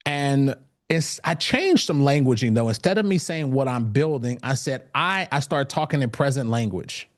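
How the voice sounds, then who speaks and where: A man's voice: medium pitch, darkish tone. A man speaking at an event and telling his own story as a motivational talk, with many fillers and restarts. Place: event stage.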